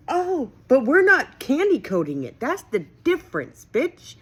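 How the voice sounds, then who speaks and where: A woman venting in a heated, profane, emphatic monologue to her viewers. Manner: heated, profane and emphatic, with sudden pitch swings. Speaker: vlogger.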